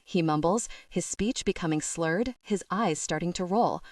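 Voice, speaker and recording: A woman with a lowish voice reads a first-person romance audiobook, lending each scene expressive colour. The recording is dry yet sits a little back from the mic. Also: moderate pace, few pauses, no room sound, far from the mic. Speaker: audiobook narrator.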